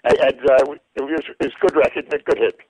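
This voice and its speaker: Brief: older male guest, husky voice, halting anecdotal delivery, dry close sound. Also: medium pitch, darkish tone, no echo, low-quality recording. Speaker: guest, former news reporter. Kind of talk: storytelling interview.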